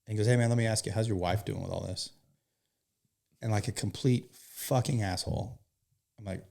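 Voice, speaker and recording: An American firefighter talks through a hard personal story, with a low, gravelly voice. He is earnest and emotional and swears casually as he goes. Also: normal speed, long pauses, a little mellow. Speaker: firefighter guest.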